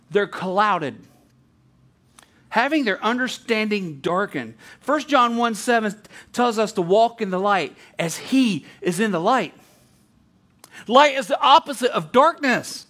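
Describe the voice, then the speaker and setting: A man's voice: high-pitched, fairly bright tone. A male pastor preaching a sermon in a conversational way, with asides and frequent restarts.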